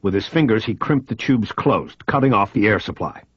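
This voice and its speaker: Deep husky man narrating a thriller. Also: animated, normal speed, dry recording, muffled recording. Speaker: audiobook narrator. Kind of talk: scripted first-person narration.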